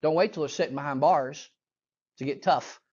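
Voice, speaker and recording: A man's voice: a little high, moderate pace, a little mellow, lo-fi sound. A man teaching a Bible lesson in a conversational, emphatic way, mixing scripture reading with casual asides.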